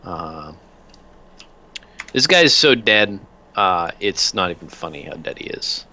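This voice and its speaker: A man narrating a tabletop game as game master, relaxed and full of filler sounds. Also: deep voice, unhurried.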